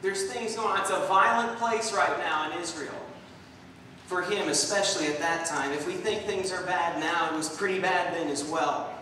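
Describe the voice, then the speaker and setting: A young man preaching a sermon in a church, telling stories in an animated way and acting out the voices in them. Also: high voice, moderate pace. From Southern California. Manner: animated storytelling, acts out voices in anecdotes. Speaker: guest preacher. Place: church sanctuary. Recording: distant, echoey hall recording with faint noise.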